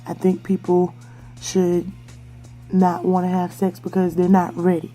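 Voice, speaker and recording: Young woman podcast host, candid storyteller, very mellow dark tone, low-ish voice, faint music bed. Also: monotone, measured pace. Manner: candid, chatty, many fillers. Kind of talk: personal storytelling monologue.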